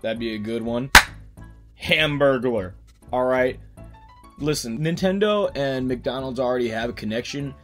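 A man hosting a comedy rant. He rambles on loosely and bursts out loud now and then. Faint guitar plays behind his voice. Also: medium pitch. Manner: rambling, with sudden loud outbursts. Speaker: video host.

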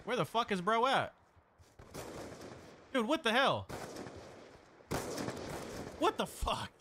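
A young man streaming a shooter game live, talking to his chat in excitable, profane trash talk. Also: sits high, takes it slowly, slight background noise. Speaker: gaming streamer. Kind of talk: live-stream gameplay commentary.

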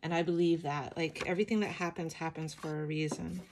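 A middle-aged woman with a sleepy morning voice, chatting softly and emotionally as she flips through her art journal, with many ums. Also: low-pitched, fairly even intonation, brisk, a little hiss or hum. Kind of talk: casual flip-through chat.

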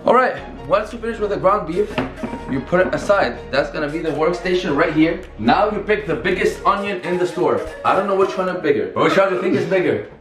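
A man's voice: high-pitched, expressive, fairly quick. Upbeat young man in an echoey kitchen. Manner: upbeat, chatty, talks while working. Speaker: cooking vlogger. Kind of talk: casual cooking tutorial. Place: home kitchen. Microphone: camera held by another person. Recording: echoey room with music behind. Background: background music.

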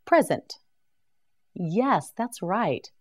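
A woman teaching English vocabulary as a slow scripted drill, pronouncing each word carefully for learners to repeat. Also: medium pitch, very animated.

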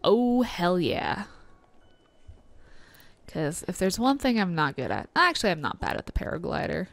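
A woman's voice: lowish voice, sing-song, normal speed, dry recording. A young woman co-hosting a let's play, chatting casually and swearing freely while playing. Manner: swears freely, laughs often. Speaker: co-host of a gaming channel.

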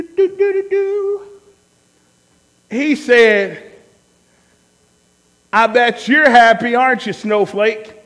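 A man preaching a sermon as a pastor, telling stories and swinging from loud to hushed. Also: high voice, long reverb tail. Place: church sanctuary.

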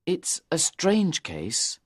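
A man's voice: fairly high pitch, huge pitch swings, very slow, slightly rough, no echo, clean studio sound, full character voice. A man voicing a nervous young man in his twenties in storybook dialogue for English learners, earnest and pleading. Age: 20s. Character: nervous, pale young man seeking help.

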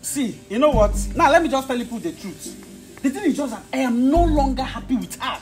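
A woman's voice: high voice, animated, normal speed, darkish tone, faint music behind. A woman playing a stubborn husband tired of his marriage, speaking defiantly. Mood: complaining. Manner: defiant, complaining. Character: stubborn married man fed up with his wife.

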